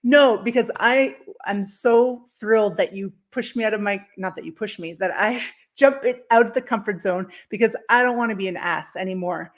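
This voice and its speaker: A middle-aged woman from Canada hosts a relaxed conversation. She talks freely and pokes fun at herself, laughing often, in a mid-range voice. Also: medium pitch, normal speed, few pauses. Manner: chatty, laughs often, self-deprecating. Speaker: host. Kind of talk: casual chat.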